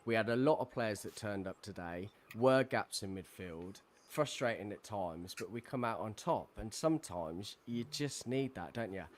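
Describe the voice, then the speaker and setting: Low-voiced, chummy podcast host. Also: male voice, animated, moderate pace, few pauses. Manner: hearty, chummy greetings. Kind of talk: casual podcast hosting.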